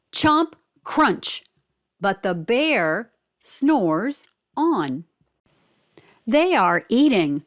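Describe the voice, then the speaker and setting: A woman reading a picture book aloud for children, slow and clear, stopping to ask simple questions. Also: medium pitch.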